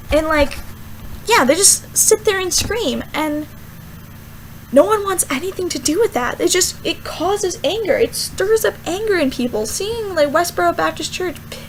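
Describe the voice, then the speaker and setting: A young woman, a student, rambling casually through a Bible verse vlog with lots of fillers and animated asides. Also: very high voice, a little hiss or hum, low-quality recording. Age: young adult. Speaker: student vlogger.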